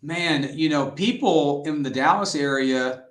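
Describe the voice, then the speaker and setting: A middle-aged man, a high school football head coach, telling stories in an interview in an earnest, lively way and acting out the quotes he tells. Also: measured pace. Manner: earnest, animated storyteller who acts out quotes. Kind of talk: interview guest storytelling. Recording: roomy echoey sound.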